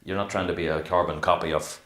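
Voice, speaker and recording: A middle-aged man, an actor being interviewed, talking in a casual, animated way and acting out what he would say. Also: low-pitched, fast talker. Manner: animated, rambling, acts out quotes. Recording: echoey room.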